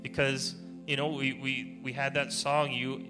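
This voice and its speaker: Chatty man preaching over soft guitar. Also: mid-range voice, little pitch movement, a little slow. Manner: chatty storytelling, laughs often. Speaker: church speaker. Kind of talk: informal testimony sermon. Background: soft guitar music.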